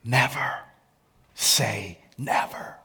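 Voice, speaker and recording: A man pastor preaching a sermon in a lively, colloquial way and calling on the congregation to answer back. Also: mid-range voice, extremely slow, creaky, crowd noise. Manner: energetic, colloquial, calls for audience response.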